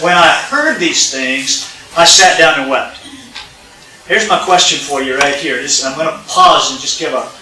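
A male pastor preaches in a conversational way, repeating lines and putting questions to his congregation. His voice is very bright and a little high. It comes from some distance off the mic in an echoey church sanctuary. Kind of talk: sermon.

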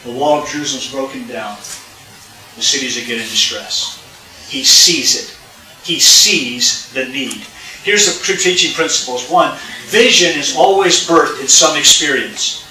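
A man's voice: medium pitch, unhurried, pushed and bright. A pastor preaching a sermon to his congregation in a church, talking conversationally, repeating key phrases and putting questions to the listeners. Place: church sanctuary. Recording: echoey room, voice from a distance.

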